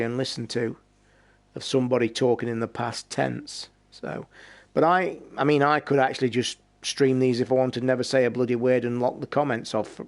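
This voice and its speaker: Tired British male streamer, gravelly voice, rambling casual chat. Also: mid-range voice. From Britain. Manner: rambling, chatty, swears casually. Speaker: game streamer.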